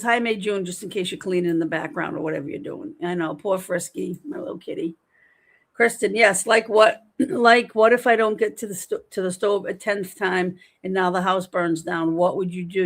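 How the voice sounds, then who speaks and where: A woman in her forties hosting a casual livestream from home, chatting and rambling as she reads viewer comments aloud. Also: medium pitch. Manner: chatty, rambling, animated storytelling. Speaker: livestream host.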